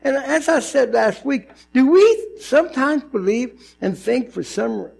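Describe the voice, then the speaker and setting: A male pastor giving a conversational, animated sermon, often acting out voices in his stories. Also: very high voice, measured pace, creaky, breathy edge.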